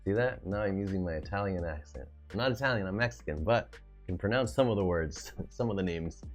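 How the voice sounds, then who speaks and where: Man, fairly low voice, hyped deck review host, restarts sentences, faint music behind. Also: a little fast. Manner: excitable, hype-filled, often trails off and restarts. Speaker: card game video host. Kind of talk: casual deck review commentary.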